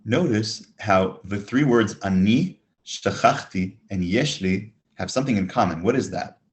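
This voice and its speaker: A man teaching a beginners' Hebrew lesson, explaining words slowly and clearly and sounding them out. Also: fairly low pitch, lively intonation. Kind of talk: recorded beginner language lesson.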